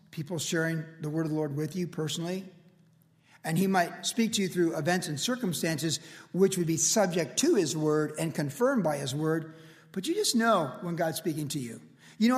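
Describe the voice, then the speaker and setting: Older male pastor, sixties, slightly high voice, casual chatty preaching, long church-hall reverb. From United States. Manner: casual storytelling with lots of "like" and "you know". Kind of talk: verse-by-verse sermon.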